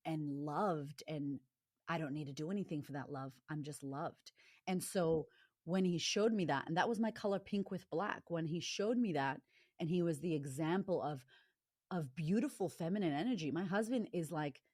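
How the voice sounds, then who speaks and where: Low-voiced middle-aged woman guest, blunt and frank, dry close sound. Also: darkish tone, no room sound. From Latina, grew up in a rough neighborhood. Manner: blunt and frank, swears freely. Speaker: guest, confidence coach. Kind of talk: candid interview talk.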